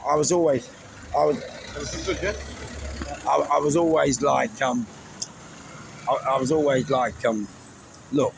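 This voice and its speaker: Gravelly London man telling stories. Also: mid-range voice. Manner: chatty, rambling, laughs at his own stories. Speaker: storyteller recounting his life. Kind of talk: casual storytelling. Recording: noisy background with traffic.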